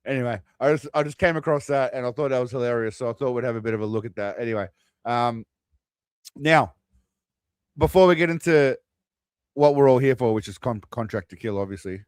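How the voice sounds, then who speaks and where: Rambling stream host. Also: male voice, mid-range voice, fairly quick, smooth, dry recording. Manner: rambling, chatty, with restarts and laughs. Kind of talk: casual stream commentary.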